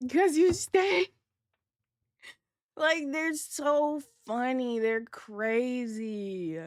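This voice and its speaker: A woman's voice: sits high, drawn-out words, no echo, studio quality. A young adult woman livestreaming, telling a casual story to her chat in slangy, profane speech and laughing as she goes.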